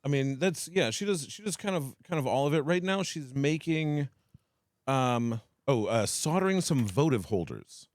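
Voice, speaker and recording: A man co-hosting a casual live stream, relaxed and brief with dry-humored remarks. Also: medium pitch, moderate pace, no room sound. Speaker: co-host.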